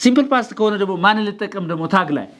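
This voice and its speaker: In a classroom, a man teaches English grammar, quizzing his students and mixing English with Amharic. His voice sits high and his delivery is rapid-fire.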